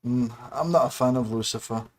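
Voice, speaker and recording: A man hosts his own livestream in a loose, rambling chat. He drifts from musing aloud into muttered asides. His voice sits at an everyday middle pitch for a man. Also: fairly quick, darkish tone. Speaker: livestream host.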